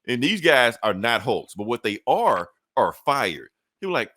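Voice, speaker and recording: A man's voice: lowish voice, normal speed, no room sound, clean studio sound. A man retelling a comic book story in casual chat, acting out the characters' lines with lots of swearing and laughter. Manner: animated, acts out characters' lines, profane, laughs often.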